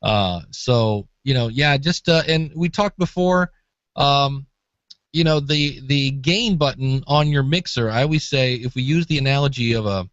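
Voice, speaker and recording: A man's voice: medium pitch, a little slow, no room sound, lo-fi sound. A man co-hosting a podcast advice show, chatty and demonstrating vocal inflection. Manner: lively, demonstrates voices, chuckles. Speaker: co-host. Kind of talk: casual advice chat.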